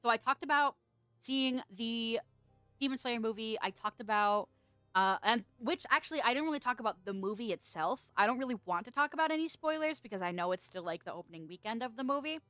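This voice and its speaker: A woman's voice: fairly high pitch, animated, fairly quick, pushed and bright, clean tone, no room sound, soft background music. A woman VTuber streamer chatting casually with her viewers, rambling, laughing often and swearing freely. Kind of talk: casual livestream chat.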